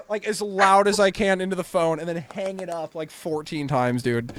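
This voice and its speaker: High-voiced excitable man. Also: fast, few pauses. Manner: excitable and profane. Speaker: podcast co-host. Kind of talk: casual comedy chat.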